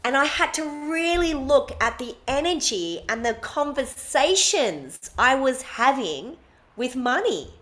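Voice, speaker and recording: A woman's voice: high voice, big pitch swings, a little slow, fairly bright tone. A woman, co-hosting a podcast and telling a personal story in casual chat, blunt and emphatic, swearing freely. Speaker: podcast co-host.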